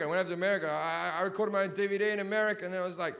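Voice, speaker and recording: A man in his thirties doing a stand-up comedy set in a big theatre, with a profane, ranting delivery that often swells into shouting. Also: sits high, fairly even intonation, rapid-fire, hardly any pauses, a faint crowd. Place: large sold-out theatre.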